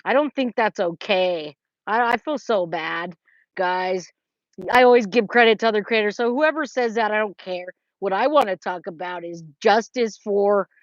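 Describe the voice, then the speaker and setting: This woman, a Californian streaming from a trailer, speaks at medium pitch with no echo. She hosts a casual livestream, reading chat and greeting viewers by name amid many restarts, and the sound is dry, slightly dull and lo-fi.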